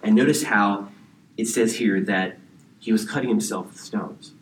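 A man's voice: on the low side, moderate pace, a little hiss or hum. A pastor preaching a conversational verse-by-verse sermon, often checking in with his listeners. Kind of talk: expository sermon. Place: church sanctuary. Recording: roomy, distant church recording with faint ambience.

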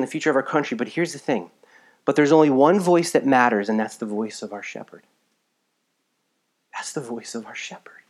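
A man from the United States preaching a live sermon in a conversational way, swinging between emphatic bursts and quiet asides, a little tired. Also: mid-range voice. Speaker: pastor.

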